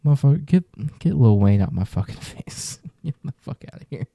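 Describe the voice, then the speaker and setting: A man's voice: medium pitch, sing-song, moderate pace, gravelly, dark tone, no room sound, studio quality. A man reacting casually to a music list, muttering exasperated, profane comments with whispered asides.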